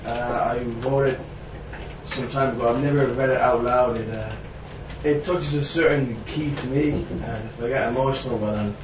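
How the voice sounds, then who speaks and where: A man introducing his poem at an open mic, halting and earnest. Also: medium pitch, steady tone. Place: echoey venue, live event. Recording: echoey room, distant, noisy, dull sound.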